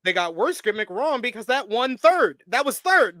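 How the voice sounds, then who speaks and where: A man's voice: very high-pitched, very animated, normal speed, sharp tone, dry recording. A man co-hosting a casual wrestling review show, reading viewer donations and insisting on his points by repeating them. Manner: insistent, repeats himself when arguing.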